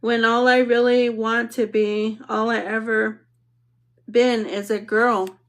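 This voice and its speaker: A woman narrating an audiobook in the first person, reading in a measured, reflective way. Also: on the high side, level tone.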